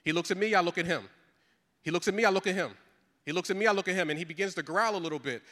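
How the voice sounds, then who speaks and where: Pastor guy telling a funny story in a sermon, high bright voice, talks fast, big echoey hall. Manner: animated, comic storytelling with repetitions.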